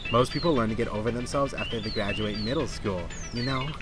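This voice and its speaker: A man's voice: mid-range voice, fast talker, natural voice. A man reading as a snippy teenage girl. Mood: mocking. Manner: snippy, mocking read-aloud. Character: brash sharp-tongued teenage girl clubmate. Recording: game music playing under the voice.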